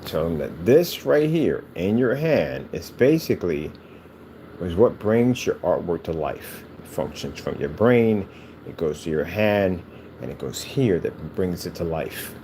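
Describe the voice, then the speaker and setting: A man's voice: low voice, expressive, measured pace, warm tone, slight background noise. A man chatting casually while he crafts, rambling and joking playfully. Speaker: cardboard PC case builder.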